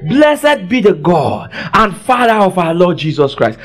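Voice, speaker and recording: Man, preacher, very high voice, lively swooping pitch, church sermon, call-and-response. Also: measured pace, few pauses. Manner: fervent, bursts into shouts, quizzes the congregation. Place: church service.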